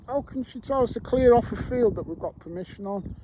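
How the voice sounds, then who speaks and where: A middle-aged man with a notably high voice, rambling and joking as he talks to his viewers. He is recorded outdoors in open fields while he goes metal detecting. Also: normal speed, dark tone, slight background noise, rough recording. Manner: jokey, rambling, addresses viewers. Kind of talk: casual chat to camera.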